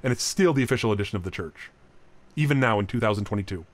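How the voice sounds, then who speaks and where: A man's voice: lowish voice, animated, rapid-fire. A man giving a recorded lecture on chant. He explains plainly, often restarts his sentences, and now and then sings short examples. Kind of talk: recorded talk.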